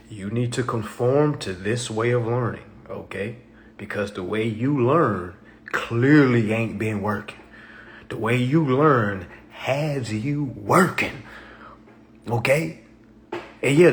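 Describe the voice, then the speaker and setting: A man hosting a live stream, talking casually in a preachy, repetitive way, often asking "okay?" and acting out other people's doubting replies. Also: medium pitch.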